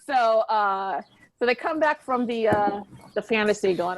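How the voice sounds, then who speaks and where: A woman's voice: medium pitch, expressive, unhurried, no echo. A woman hosting a podcast, chatting casually and laughing often as she recaps. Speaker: podcast host. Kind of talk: casual chat.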